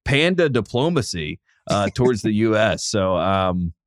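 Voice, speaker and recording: A man's voice: lowish voice, sing-song, a little slow. A man in his thirties with a North Carolina Southern accent, hosting a podcast in casual chat, rambling with lots of fillers. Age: 30s. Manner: rambling, filler-heavy, laid-back. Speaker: podcast host.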